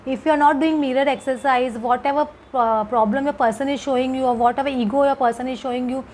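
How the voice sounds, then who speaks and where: A woman's voice: sits high, fairly even intonation, fast talker, darkish tone, a little hiss or hum, poor audio. A woman giving a casual tarot card reading, hesitant and repetitive, with many fillers. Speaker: tarot reader.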